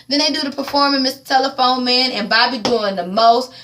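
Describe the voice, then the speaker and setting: A woman's voice: high voice, fairly quick, hardly any pauses, fairly bright tone, a little hiss or hum. A woman vlogger giving a casual, profane movie recap and acting out the characters' lines.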